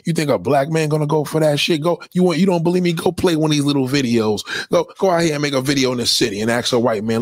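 A man's voice: fairly high pitch, fast talker, few pauses, dry recording, studio quality. A man delivering a blunt, profane, opinionated monologue in a lecturing tone.

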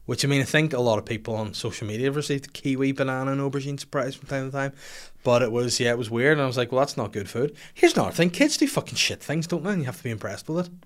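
A man, hosting a podcast and telling funny stories in a casual, swearing way. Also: very fast. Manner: animated, swears a lot, puts on high squeaky voices for his daughter. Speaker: podcast host. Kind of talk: casual comedic storytelling.

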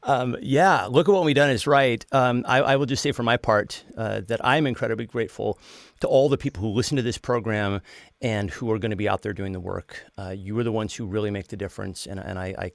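A man hosting a podcast interview, relaxed and chatty, often repeating words as he goes. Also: lowish voice, creaky, no room sound. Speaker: podcast host. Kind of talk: casual interview.

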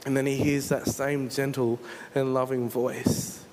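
A man's voice: mid-range voice, steady tone, moderate pace, few pauses, a little mellow, slight background noise. A male pastor, preaching a sermon and retelling a story with earnest storytelling. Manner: earnest storytelling, dramatizes scenes.

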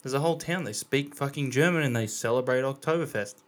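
A man's voice: mid-range voice, fast talker. A young Australian man co-hosting a podcast in casual banter, teasing dryly and swearing often. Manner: dry teasing, frequent swearing. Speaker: podcast co-host.

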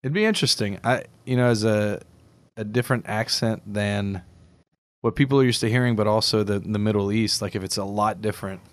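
A man with a somewhat low voice co-hosts a talk show. He talks in a relaxed, easygoing way, laughs easily and puts questions to the host. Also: brisk, no echo. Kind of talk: casual chat on a Catholic talk show.

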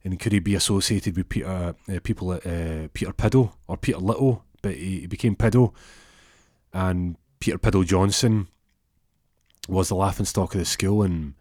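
A man's voice: low-pitched, moderate pace, darkish tone, no echo, studio quality. A man telling a comic story in a casual, rambling way with lots of restarts.

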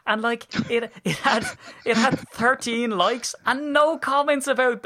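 A man's voice: very high voice, fairly even intonation, a little slow, sharp tone. Chatty Irish man hosting a podcast. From Ireland. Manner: chatty, rambling, jokey. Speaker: podcast host. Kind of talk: casual chat.

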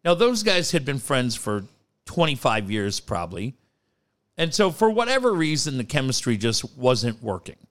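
A man telling radio stories in casual chat, profane and animated. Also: mid-range voice, moderate pace. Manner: animated, profane, mimics voices in anecdotes. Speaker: sports radio host.

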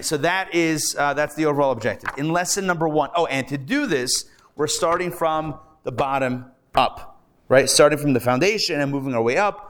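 A man's voice: a little high, a little hiss or hum. A man, a rabbi, teaching a live class to an audience, telling jokes and acting out the voices in them. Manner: animated storyteller, acts out voices in jokes.

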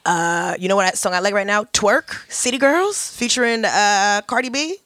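A woman in a casual group chat, talkative and animated, acting out quick bits. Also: medium pitch, no room sound. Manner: chatty, animated storyteller, acts out voices.

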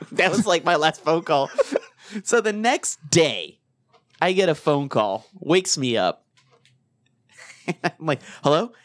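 A man's voice: fairly high pitch, slow, long pauses. A young man in casual chat, telling funny stories with frequent laughter and acted-out quotes. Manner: animated, laughs often, acts out quotes. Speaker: storyteller guest.

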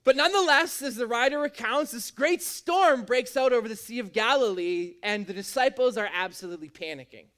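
A young man preaches a sermon to an audience in a room, speaking conversationally in an animated, fairly quick way with few pauses and a slightly bright tone. He acts out quotes, his voice leaping suddenly in pitch.

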